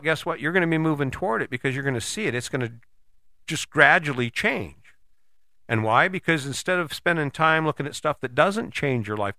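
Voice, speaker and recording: A man's voice: mid-range voice, dry recording, clean studio sound. A man giving a direct, coaching motivational monologue, talking straight to the listener and acting out imagined conversations. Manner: animated, acts out imagined dialogue.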